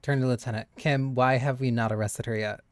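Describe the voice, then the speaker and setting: A game streamer talks in a mid-range voice, animated and chatty, often laughing and swearing while reading lines aloud. The sound is close and dry, on a desk mic. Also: mid-range voice, a little fast, dry recording.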